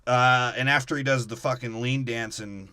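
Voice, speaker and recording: A man's voice: mid-range voice, steady tone, moderate pace, pushed and bright, clean tone. A young man co-hosting a podcast, giving a crude, mocking comedic movie recap and slipping into silly character voices. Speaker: podcast co-host.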